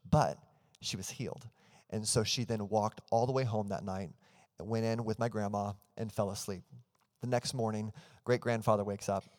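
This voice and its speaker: A man in his thirties preaches to his church, his voice sitting at an ordinary middle pitch. He tells a family story with earnest conviction and then leads the room in prayer. His words ring out with a long reverb from the church hall around him. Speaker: pastor. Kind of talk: sermon.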